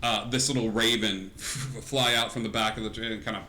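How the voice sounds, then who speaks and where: A man's voice: medium pitch, steady tone, a little fast, sharp tone. A man narrating as game master in a casual, laughing manner with many fillers.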